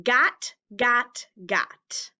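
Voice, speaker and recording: A woman teaching a phonics lesson to young children, stretching out words and spelling them letter by letter with careful, clear enunciation. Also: on the high side, expressive, very slow, sharp tone.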